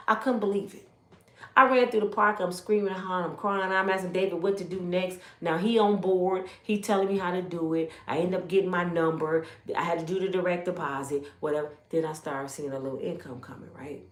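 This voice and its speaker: A woman in her fifties telling her life story as a testimony, acting out the voices of others and swinging from loud exclamations to hushed asides. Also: lowish voice, fairly quick. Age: 50s. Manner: animated, acts out others' voices in quotes. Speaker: YouTube storyteller. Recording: roomy echo.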